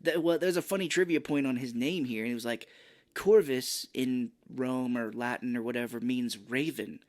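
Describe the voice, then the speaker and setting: A man's voice: mid-range voice, moderate pace. A man co-hosting a film podcast, chatting casually in a rambling, jokey way and laughing often. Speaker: podcast co-host. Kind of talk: casual movie review chat.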